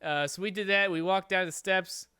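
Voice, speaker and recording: A man's voice: high voice, fairly even intonation, moderate pace, bright, forceful tone, smooth, no echo, clean studio sound. Laughing, swearing young-sounding man. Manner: rambling storyteller, swears constantly, laughs often. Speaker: podcast host. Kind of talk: casual chat.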